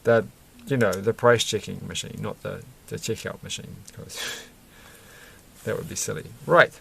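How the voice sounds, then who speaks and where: A man's voice: lowish voice, fairly even intonation, measured pace, creaky, pushed and bright, breathy edge. A man chatting casually and rambling while he builds a toy set, chuckling often and breaking off mid-sentence. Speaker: vlogger building Lego sets.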